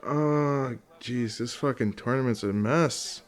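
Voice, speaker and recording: A man's voice: medium pitch, takes it slowly. A man casually commentating on old fight footage, rambling, swearing often and laughing along.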